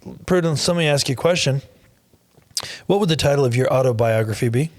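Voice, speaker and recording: A male podcast host chatting casually with his co-host. He keeps things upbeat and teasing, at an ordinary mid pitch. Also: lively intonation, fairly quick, no room sound. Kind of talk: casual banter.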